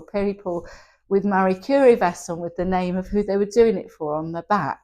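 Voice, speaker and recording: A woman's voice: medium pitch, normal speed, a little mellow. A woman, telling her personal story in an interview, candid and emotional, often laughing as she speaks. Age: 60s. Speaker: interview guest.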